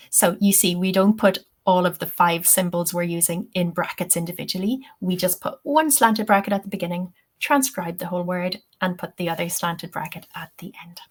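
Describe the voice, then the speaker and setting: A woman teaching English-teacher trainees in a webinar, explaining patiently step by step and often saying "okay" and "um". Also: lowish voice. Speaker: TEFL trainer.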